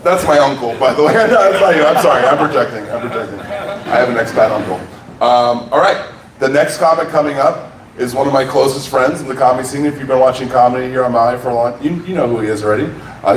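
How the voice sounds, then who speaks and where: Man hosting a comedy club night. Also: medium pitch. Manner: loose, teasing banter between acts. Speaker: comedy show host. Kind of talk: introducing comics. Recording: roomy live sound from a distance with audible noise.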